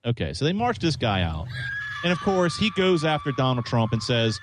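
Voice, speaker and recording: Animated talk-radio man with a lively voice. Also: medium pitch, normal speed, background noise. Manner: animated, excitable, stumbling restarts. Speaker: radio show co-host. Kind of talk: casual political chat.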